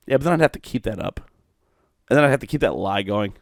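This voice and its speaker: A man's voice: fairly low pitch, expressive, fast talker, creaky, no echo, clean studio sound. A middle-aged man from Ohio hosting a solo podcast, rambling, swearing and mocking himself. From Ohio, USA. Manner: rambling, profane, self-mocking. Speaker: podcast host.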